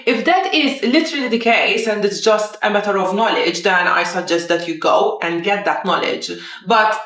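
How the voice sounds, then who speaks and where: A woman's voice: mid-range voice, a bit bright. A young adult woman speaking as a business coach in a direct, emphatic motivational talk full of rhetorical questions. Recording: roomy echo.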